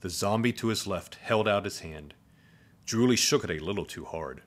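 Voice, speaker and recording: A man reading a children's story aloud in a playful, expressive way. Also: fairly low pitch, normal speed.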